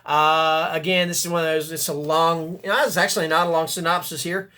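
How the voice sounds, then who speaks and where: Man, booktuber, casual chat, rambling, self-correcting, enthusiastic, slightly high voice. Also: steady tone, a little fast, hardly any pauses, sharp tone. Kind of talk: casual book chat and reading blurbs aloud.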